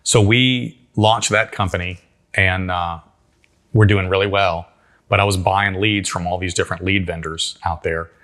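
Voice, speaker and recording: Deep-voiced man telling a business story. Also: normal speed. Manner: animated storyteller acting out quotes; casual, folksy grammar. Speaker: guest entrepreneur. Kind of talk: storytelling interview.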